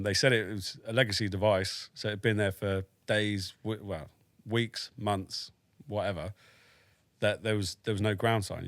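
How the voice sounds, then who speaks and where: British ex-soldier around forty, blunt and dry-humoured, lowish voice, close dry studio sound. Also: male voice, dry recording. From United Kingdom. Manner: frank and matter-of-fact, swears, dry humour. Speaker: army veteran guest. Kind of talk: casual storytelling in a podcast interview.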